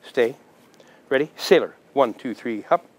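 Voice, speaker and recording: Brief: male dog trainer, mid-pitched voice, clipped commands and easy explanations. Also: expressive, unhurried, low-quality recording. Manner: repeated short commands and praise to a dog; casual explaining between commands. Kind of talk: dog training demonstration with commentary.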